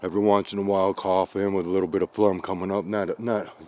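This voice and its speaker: A man recording a casual outdoor vlog in his snowy backyard on a handheld camera, rambling slowly while out of breath and chatting to the cats he feeds. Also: deep voice, little pitch movement, darkish tone, slight background noise. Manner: slow, rambling, talks to the cats. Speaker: vlogger feeding outdoor cats and birds.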